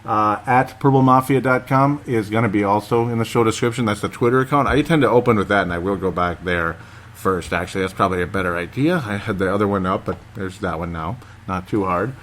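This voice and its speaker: A man's voice: fairly low pitch, fairly even intonation, fairly quick, a bit bright, a little hiss or hum. A man hosting a casual solo podcast, rambling and chatty, laughing often and talking straight to his listeners. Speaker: podcast host.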